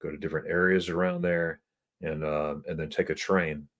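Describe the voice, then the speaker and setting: A man's voice: rumbling low, level tone, moderate pace, fairly bright tone. A man hosting a live stream, telling a travel story in a chatty way, laughing often and repeating words. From United States. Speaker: travel host.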